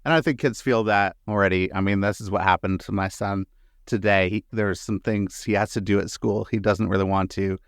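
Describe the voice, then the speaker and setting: A man hosting a podcast interview, asking questions in a relaxed, friendly way with fillers like uh and um. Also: on the low side, fairly quick, no room sound, clean studio sound. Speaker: podcast host. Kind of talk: casual interview conversation.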